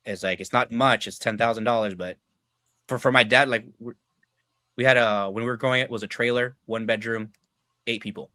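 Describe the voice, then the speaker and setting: A man's voice: medium pitch, fairly even intonation, brisk, pushed and bright, dry recording. A young adult man, a podcast guest, telling personal stories in a loose, casual way, swearing freely, leaning on filler words and acting out what people said. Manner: loose and profane, heavy filler words, acts out quoted dialogue. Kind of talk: casual storytelling chat.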